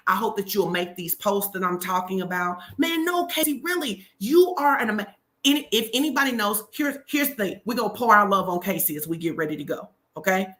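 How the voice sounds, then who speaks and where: A woman hosting a live stream, giving a motivational talk with energetic, emphatic encouragement. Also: mid-range voice.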